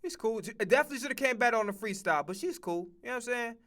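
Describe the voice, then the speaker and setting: A man streaming reaction commentary, loud, profane and animated. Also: extremely high pitch, racing.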